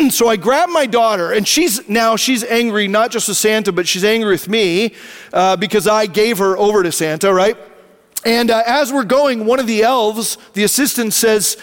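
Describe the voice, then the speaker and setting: A man, preaching a sermon in a church and telling a family story in an animated, conversational way. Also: high-pitched, normal speed. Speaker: pastor. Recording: long reverb of a church hall.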